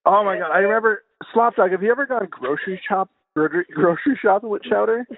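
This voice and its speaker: A man's voice: sits high, quick pace, gravelly, dry recording. A man in his thirties co-hosting a podcast, fondly recalling and teasing friends in casual chat. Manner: amused reminiscing, teasing. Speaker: podcast co-host. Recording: dry tinny phone-like sound.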